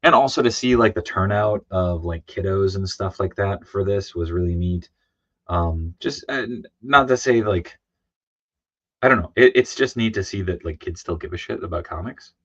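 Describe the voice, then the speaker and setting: Tired deep-voiced man chatting on a livestream. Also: moderate pace, a bit bright, dry recording. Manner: rambling, many fillers and restarts, reads chat aloud. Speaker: comic artist streaming live. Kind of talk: casual livestream chat. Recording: dry, dull lo-fi sound.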